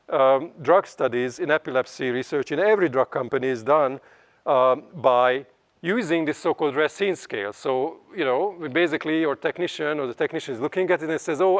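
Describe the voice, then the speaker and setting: A man giving a scientific seminar lecture in an animated way, often checking in with tag questions. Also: medium pitch. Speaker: seminar speaker.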